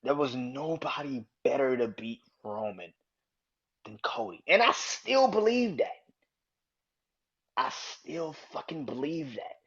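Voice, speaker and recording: A man hosting his own podcast, ranting angrily and swearing, jumping from loud outbursts to low mutters. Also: expressive, slow, long pauses, slightly rough. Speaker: podcast host. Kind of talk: casual solo podcast rant. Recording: dull lo-fi sound.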